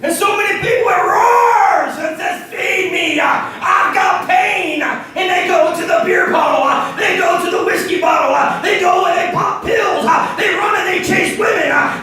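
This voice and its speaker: A man preaching a sermon, shouting his points with many "uh" fillers and then dropping to quiet asides. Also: extremely high pitch. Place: church hall. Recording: echoey hall picked up from far off, faint hiss.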